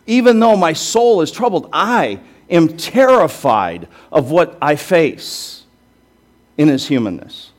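A man's voice: fairly high pitch, big pitch swings, slow, voice pushed up. A man voicing Jesus as a troubled but resolved adult man, speaking earnestly and with growing emphasis. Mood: resolute. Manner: earnest, emphatic, rising in intensity.

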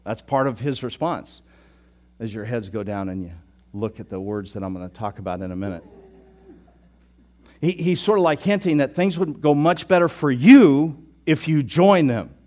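A man preaching a sermon as pastor, teasing his listeners and telling the story with lively, sudden loud bursts. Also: mid-range voice, normal speed.

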